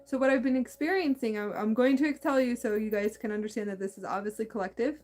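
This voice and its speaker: A woman hosting a spiritual talk, speaking in a meandering, halting way with many restarts and a slight lisp. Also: a little high, a little mellow. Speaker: spiritual channel host. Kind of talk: casual spiritual monologue.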